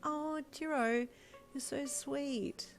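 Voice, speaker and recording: A woman doing a sweet soft-spoken teen girl. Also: high voice, fairly even intonation, very slow, soft background music, voice pushed up, exaggerated voice. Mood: gushing.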